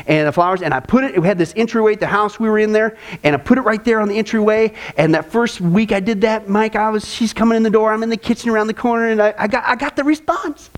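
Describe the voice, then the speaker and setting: A man preaching a sermon to a live audience, telling personal stories in an animated way and acting out other people's voices. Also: sits high, fast, hardly any pauses. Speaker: pastor.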